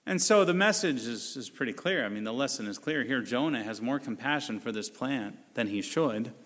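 A middle-aged male pastor giving a conversational sermon, slipping into lively, mocking voices when he quotes people. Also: medium pitch, normal speed. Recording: long hall reverb.

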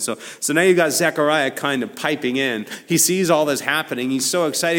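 A man preaching a sermon in a conversational way, building to emphatic peaks and then dropping low and quiet. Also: animated, moderate pace, few pauses, in a large hall. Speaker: pastor.

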